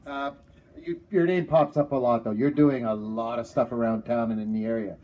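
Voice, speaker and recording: A man's voice: medium pitch, steady tone, normal speed, dull audio. A Canadian man hosting a casual interview on a front porch, friendly and often stumbling over repeated words. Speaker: talk show host.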